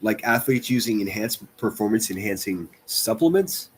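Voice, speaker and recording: A man's voice: on the low side, lively intonation, normal speed, a little hiss or hum. A man hosting a livestream, giving crude, sarcastic reaction commentary and mocking what he plays. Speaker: commentary streamer host.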